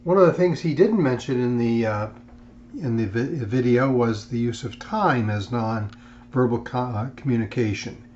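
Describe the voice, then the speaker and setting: A man giving a recorded lecture in a measured way, with frequent fillers and restarts. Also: medium pitch, darkish tone, muffled recording. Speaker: instructor.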